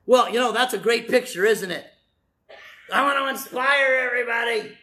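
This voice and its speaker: Male preacher, high-pitched, animated sermon delivery with repeated emphatic phrases. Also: normal speed, roomy sound.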